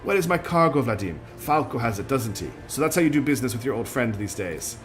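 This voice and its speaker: A man's voice: medium pitch, lively intonation, fast, soft background music, natural voice. Man reading a haughty female space pirate. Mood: accusing. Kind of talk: voicing game dialogue on a stream.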